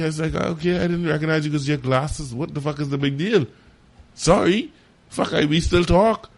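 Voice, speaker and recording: A man telling a story in casual chat, animated and profane. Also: a little fast. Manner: animated, profane, jumps high when quoting. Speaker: podcast co-host.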